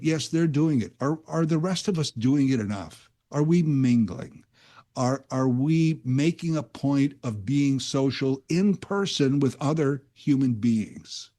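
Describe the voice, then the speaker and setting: A man's voice: on the high side, unhurried, mellow. A man guest-hosting a radio talk show, telling a rambling, self-aware story in a casual monologue into a studio microphone.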